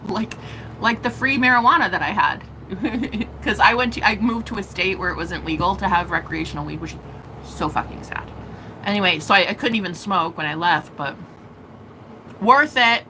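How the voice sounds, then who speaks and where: Animated, profane young woman telling a story. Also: mid-range voice, normal speed, a little hiss or hum, low-quality recording. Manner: animated, profane, laughing often. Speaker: vlogger. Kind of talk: casual storytelling to camera.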